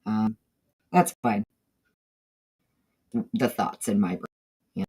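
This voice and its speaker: A woman's voice: very deep voice, lively intonation, drawn-out words, mellow, breathy edge. A woman from the northeastern United States with a Southern drawl, hosting a casual livestream and greeting viewers by name. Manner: chatty, greets chat members by name between thoughts. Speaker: livestream host.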